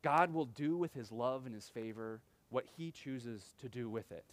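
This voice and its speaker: A man's voice: medium pitch, normal speed. A young adult man preaching a sermon in a conversational style, often acting out quotes with sudden animation. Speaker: pastor.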